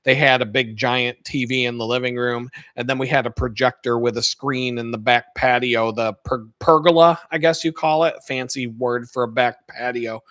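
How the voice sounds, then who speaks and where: A man hosting his own video, telling a rambling, profane story with lots of laughter and sudden loud stretches. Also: mid-range voice, fairly even intonation, moderate pace, hardly any pauses. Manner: profane, laughs a lot, gets loud retelling stories. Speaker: video host.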